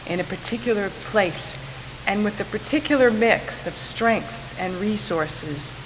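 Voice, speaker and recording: A woman giving a sermon as a guest preacher, measured and wry, laughing at her own asides. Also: medium pitch, a bit bright. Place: church sanctuary. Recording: reverberant church hall, faint hiss.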